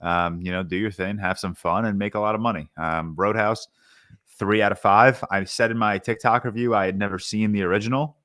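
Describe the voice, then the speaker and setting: Brisk and fairly low-pitched, with fairly even intonation and a fairly bright tone, a young man casually reviews a film on the podcast he co-hosts. He rambles with many fillers and restarts; the studio-quality audio has no room sound.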